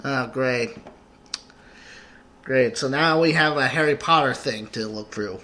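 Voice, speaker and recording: A man's voice: mid-range voice, a little slow, sharp tone. A man giving rambling, joking let's play commentary while he plays.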